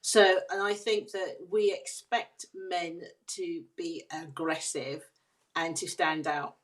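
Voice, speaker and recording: A woman speaks as a podcast guest, her voice sitting on the lower side. She lays out her points in an earnest, measured way, building each idea step by step. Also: flat delivery. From United Kingdom. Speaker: guest, leadership consultant. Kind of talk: podcast interview.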